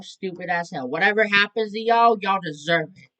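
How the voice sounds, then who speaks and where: A man's voice: high-pitched, moderate pace, pushed and bright. A young man hosting a reaction video, talking casually and incredulously, swearing often and breaking off to rant over the clip.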